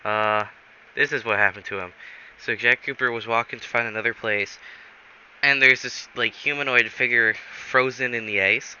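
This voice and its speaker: A man's voice: medium pitch, fairly even intonation, moderate pace, pushed and bright. A man rambling through an improvised comic story, correcting himself often and filling gaps with "um" and "like", on a dull recording with faint hiss. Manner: rambling, self-correcting, many fillers.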